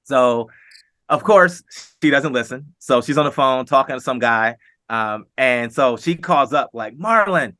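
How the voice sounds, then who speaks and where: A middle-aged man recounts his story in an easygoing interview, his voice bright and forceful. He acts out the quotes as he goes, and the sound is dry and close. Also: mid-range voice, moderate pace, no room sound. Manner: animated anecdote-telling, acting out quotes with laughs. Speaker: guest, former pro football player.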